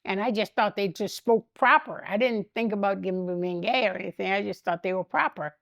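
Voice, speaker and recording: An older woman, a guest in an interview, telling animated stories and acting out the voices of the people in them, often breaking into laughter. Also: medium pitch, fairly quick, gravelly, no room sound, studio quality. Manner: animated anecdotes, laughs often, acts out quotes. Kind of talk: storytelling interview.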